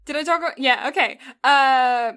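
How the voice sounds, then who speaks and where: Giggly and fond of puns, this podcast co-host rambles through a relaxed anime recap, laughing frequently. She has a high, slightly bright voice and talks at a moderate pace.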